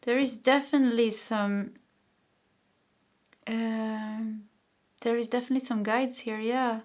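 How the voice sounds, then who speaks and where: A woman's voice: a little high, fairly even intonation, a little slow. Encouraging woman giving a tarot reading. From Sweden. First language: Swedish. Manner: warm, encouraging, rambling with frequent laughs and restarts. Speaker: tarot reader. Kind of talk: pick-a-card tarot reading.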